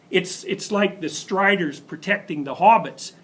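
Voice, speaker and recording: A man lecturing at a university, telling a story in an emphatic, animated way and often restarting his sentences. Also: high voice, normal speed, hardly any pauses.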